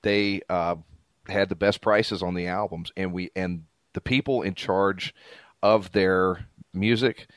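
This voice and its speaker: Lower-voiced man in his fifties telling stories. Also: slow, no room sound. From Louisiana, US. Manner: animated storyteller, laughs often. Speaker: podcast co-host. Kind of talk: casual storytelling chat.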